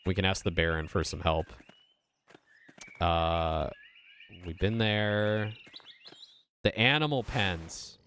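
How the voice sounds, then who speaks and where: Deep-voiced guy streaming a game, chatty, curses a lot, little bit of hiss behind. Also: slow pace, long pauses, fairly bright tone. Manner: chatty, swears freely. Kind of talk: casual gaming commentary.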